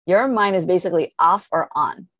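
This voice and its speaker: A woman with a fairly low voice talks listeners through a calming practice like a patient coach. She lays each step out plainly and earnestly and leans on everyday examples. The sound is close and dry, with no room around it. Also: brisk, dry recording. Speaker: guest, calm coach. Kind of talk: instructive podcast talk.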